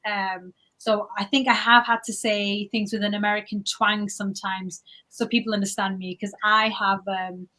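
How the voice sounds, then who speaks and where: A woman's voice: medium pitch, moderate pace, hardly any pauses, poor audio. A young woman from England with an English accent, chatting casually as a guest on a livestream interview. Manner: chatty, animated, lots of likes and restarts.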